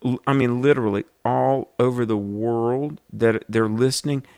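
A man's voice: mid-range voice, steady tone, normal speed, creaky, a little mellow, no echo. Earnest male radio host, dry studio. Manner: earnest, storytelling, rallying. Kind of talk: fundraising appeal on radio.

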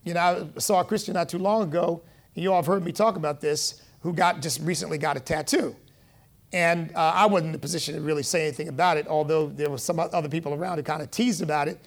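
A man, a pastor, preaching a conversational sermon, calling for amens and acting out lively quotes. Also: on the high side, fast. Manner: animated, rising loud when quoting.

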